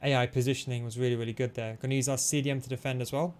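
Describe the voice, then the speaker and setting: A man giving fast, analytical play-by-play commentary over his own football video game match, explaining tactics with frequent fillers. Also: medium pitch, level tone, smooth. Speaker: gaming tutorial host. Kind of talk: gameplay commentary.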